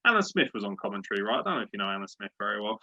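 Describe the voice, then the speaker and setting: A man's voice: lowish voice, very animated, rapid-fire, bright, forceful tone, highs cut off. A man hosting a casual sports podcast, ranting in a fired-up, profane way. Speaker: podcast host.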